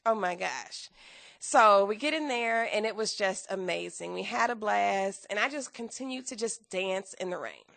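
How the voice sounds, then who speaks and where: A woman guest telling her story in a podcast interview, acting out quotes with big jumps in pitch and bursts of laughter. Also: normal speed, vocal fry, fairly bright tone, no room sound.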